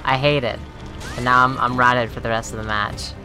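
A woman streamer with a very deep, steady voice and moderate pace gives gaming commentary over game music. She swears, sounds exasperated as she remarks on her own play, and talks to viewers. When she dies in the video game, she shouts and shrieks.

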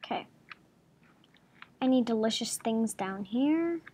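Slow, chatty woman gamer with a high voice. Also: animated, warm tone, slight background noise. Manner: giggly, chatty, talks to game creatures. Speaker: gaming channel host. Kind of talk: playful gameplay commentary.

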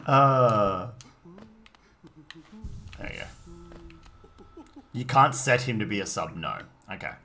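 A man with an Australian accent streaming a game live, reading chat aloud and reacting in sudden high yelps. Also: sing-song, slow pace, pauses often, sharp tone, slight background noise.

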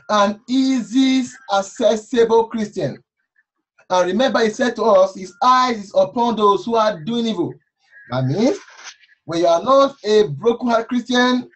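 A woman's voice: mid-range voice, rough recording. Preaching woman with fervent questions. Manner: slow scripture reading, then fervent rhetorical questions. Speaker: pastor. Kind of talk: sermon.

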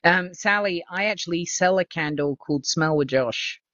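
A woman's voice: on the low side, moderate pace, fairly bright tone, highs cut off, slight background noise. A woman co-hosting a casual livestream, plugging merch in a playful, teasing sales patter. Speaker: co-host promoting merch.

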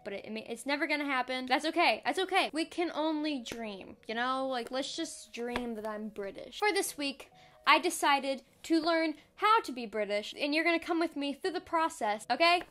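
A woman's voice: high-pitched, lively intonation, moderate pace, fairly bright tone. A young American woman vlogging in a playful, self-mocking, chatty way. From United States. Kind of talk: casual jokey vlog.

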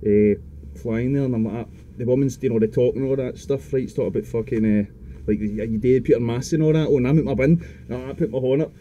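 A man's voice: medium pitch, fast talker, mellow, dull audio, a little hiss or hum. A young man in his twenties, a podcast guest telling a rambling, sweary story and tagging his lines with "mate". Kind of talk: casual storytelling chat.

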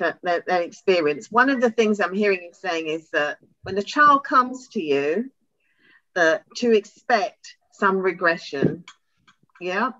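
A woman hosts a webinar over a video call, pausing on fillers as she sums up what she hears. Her voice sits a little low. The sound is dull and completely dry. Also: sharp tone, no echo. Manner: hesitant, reflecting back what she hears. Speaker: webinar host.

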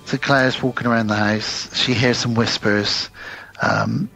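Gravelly man steadily recapping. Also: medium pitch, unhurried, faint music behind, rough recording. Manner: steady, methodical storyteller. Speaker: podcast co-host. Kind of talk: casual chat, recapping a film.

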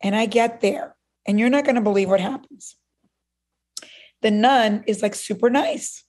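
Animated Cuban-born woman telling her story. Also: on the high side, normal speed. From Cuba. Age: middle-aged. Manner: animated, acts out what others said. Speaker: interview guest. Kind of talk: personal storytelling in an interview.

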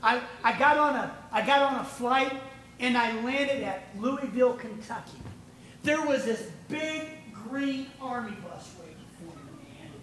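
Folksy preacher in an echoey church. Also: male voice, very high-pitched, expressive, measured pace, a bit bright, recorded from a distance, a little hiss or hum. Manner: folksy storytelling with frequent asides. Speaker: pastor. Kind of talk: sermon. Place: church sanctuary.

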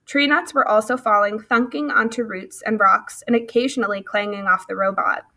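Female storybook reader, bright and clear, steady pacing. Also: mid-range voice, moderate pace. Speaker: audiobook reader. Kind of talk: reading a children's novel aloud.

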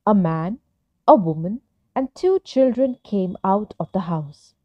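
A woman narrating a children's story in a gentle, expressive storytelling manner. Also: mid-range voice, slow, dry recording, highs cut off.

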